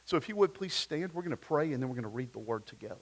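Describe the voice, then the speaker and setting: A man's voice: a little high, lively intonation, very fast. A man, preaching a sermon at a church service in a conversational way, full of rhetorical questions and personal stories. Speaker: pastor.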